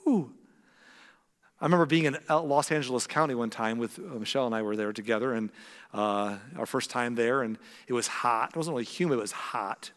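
A man's voice: mid-range voice, quick pace, fairly bright tone, big-room sound. A man from the American Midwest preaching a conversational sermon, acting out quotes with big jumps in his voice. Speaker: pastor.

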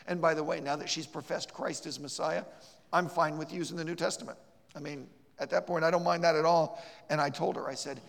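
Gravelly preacher in a reverberant church. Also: male voice, a little high, fairly even intonation, brisk. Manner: emphatic, repeats words in restarts, storytelling. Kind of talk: sermon. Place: church sanctuary.

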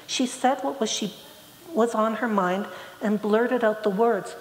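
Woman preaching slow and earnest, kinda high voice, big echoey hall, faint room noise behind. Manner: slow, earnest, quotes scripture with rising emphasis. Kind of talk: sermon.

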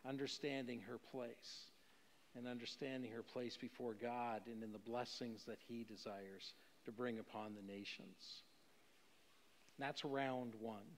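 A man's voice: mid-range voice, big-room sound, slight background noise. A man preaching a sermon in a conversational way, with rhetorical questions and occasional chuckles. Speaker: pastor.

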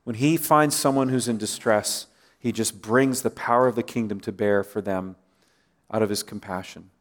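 A man's voice: lowish voice, steady tone, moderate pace. Man preaching a conversational sermon. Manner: conversational, asks the congregation rhetorical questions. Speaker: pastor.

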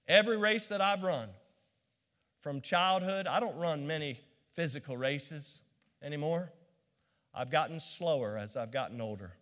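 High-voiced preaching man in reverberant hall. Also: lively intonation, moderate pace, fairly bright tone. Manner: fervent preaching with playful humor. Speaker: pastor. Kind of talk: sermon.

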